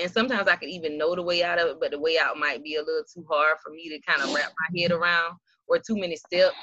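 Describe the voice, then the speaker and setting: Woman host, bright and forceful, dull lo-fi recording. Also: sits low, no room sound. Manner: laughs easily, loose and relaxed. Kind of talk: casual chat.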